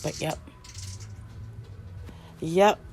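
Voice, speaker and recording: A woman showing her new rabbits outdoors beside the hutches on her farm, chatting casually to the camera and cooing softly at the animals. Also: drawn-out words, a little hiss or hum. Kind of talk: casual vlog walk-through.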